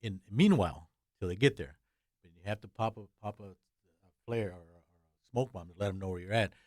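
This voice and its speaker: Halting older veteran man. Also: lowish voice, darkish tone, dry recording, clean studio sound. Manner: halting, repeats words, blunt short phrases. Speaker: guest, combat veteran. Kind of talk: interview recollection.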